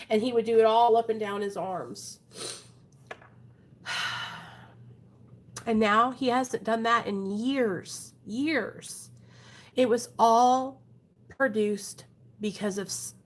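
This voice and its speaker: A woman's voice: on the high side, a bit bright. A woman hosting a recovery livestream from her home, talking to her viewers in a frank, earnest, casual way. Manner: frank and earnest, often addresses viewers as "you guys". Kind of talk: casual live-stream talk to viewers.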